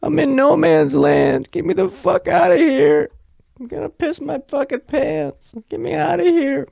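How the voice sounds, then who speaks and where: Shrill, demanding drunk woman, stranded and desperate, put on by a man; dry, close sound. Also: huge pitch swings, unhurried, vocal fry, darkish tone, no echo, heavily acted. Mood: frantic. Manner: frantic, swearing, whiny pleading.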